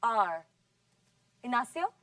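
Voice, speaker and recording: A woman's voice: a little high, sing-song, sharp tone, no room sound, distant mic. Patient woman teacher drilling words. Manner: patient, drawn-out model words. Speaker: English teacher. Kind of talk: scripted classroom lesson.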